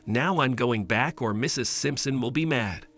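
A man's voice: mid-range voice, moderate pace, fairly bright tone, soft background music, natural voice. A man voicing a sweet, sad little girl who talks in an earnest, pleading way.

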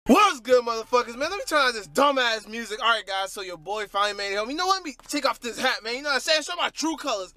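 A young man vlogging casually to camera about his gym day and meals, crude and joking, with sudden loud shouts. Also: very high-pitched, expressive, fast talker, hardly any pauses. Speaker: fitness vlogger. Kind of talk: casual vlog chat to camera. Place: gym and home.

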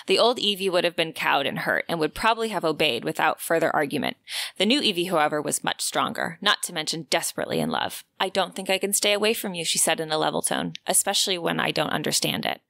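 A woman's voice: low-pitched, quick pace, gravelly, bright, forceful tone, no room sound. A woman co-hosting a book podcast, recapping a romance novel and reading passages aloud with expression. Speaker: podcast co-host.

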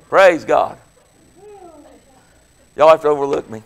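A man preaching an exuberant sermon as pastor, breaking into shouts and laughter. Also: high voice, sing-song, unhurried, vocal fry.

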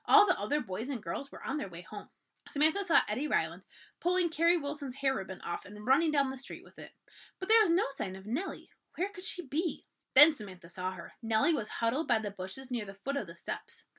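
A woman with a fairly high, slightly rough voice reads a children's chapter book aloud at a fairly quick pace for a library storytime. She tells the story in an expressive, animated way.

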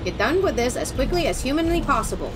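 A woman's voice: sits high, sing-song, fast talker, background noise. A woman streaming a co-op game, talking bluntly and with exasperation and swearing freely. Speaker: let's play streamer. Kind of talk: casual co-op gameplay chat.

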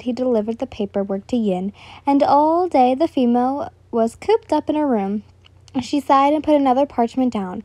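A woman's voice: high-pitched, expressive, normal speed, mellow, no echo. A woman reading fan fiction aloud in a casual way, correcting her slips as she goes.

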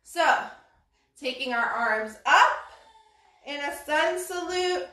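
A woman with a high, bright voice leads a parent-and-toddler yoga class. She talks slowly and cheerfully, with sing-song cues. The sound is roomy, as if the mic sits some distance away. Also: expressive. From Brooklyn. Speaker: yoga instructor. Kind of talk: live-streamed kids' yoga class.

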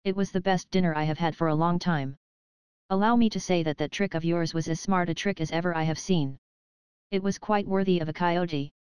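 A woman's voice: on the low side, fairly even intonation, a little fast, a little mellow, clean tone, dry recording, highs cut off, close to an everyday voice. A woman reading the part of a sly, mischievous male coyote who speaks with pleasant, mocking politeness. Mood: mock polite.

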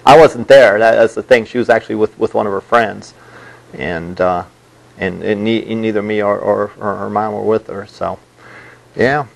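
A man's voice: fairly low pitch, fairly even intonation, normal speed, vocal fry, low-quality recording. A male college instructor giving a classroom lecture, rambling with many restarts and repeated words.

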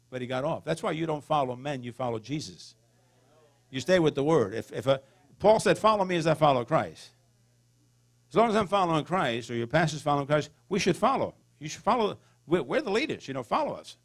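A middle-aged man preaching a folksy sermon as a pastor, throwing in call-and-response asides to the congregation. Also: medium pitch.

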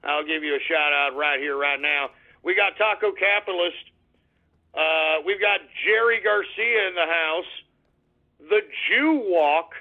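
A Texan man hosting a call-in internet radio show, ranting abrasively, cursing and yelling at trolls. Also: a little high, unhurried. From Texas. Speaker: radio talk show host. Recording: tinny phone-like internet radio audio.

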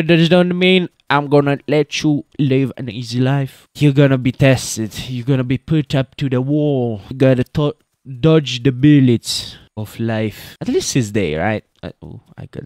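A man rambles through casual gameplay commentary, cracking jokes and chatting to his viewers as he goes. His voice sits in an ordinary middle pitch. It is recorded close and dry, with no room sound. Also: unhurried, a little mellow, no room sound. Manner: joking, rambling, talks to viewers as boys. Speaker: gaming YouTuber.

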